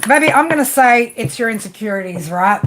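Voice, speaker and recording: A woman's voice: on the high side, lively intonation, brisk, background noise. A woman giving a live tarot reading, talking casually and bluntly, repeating herself and tagging "right?" onto her points. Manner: casual, repetitive, tag questions; affectionate, blunt, swears. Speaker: tarot reader.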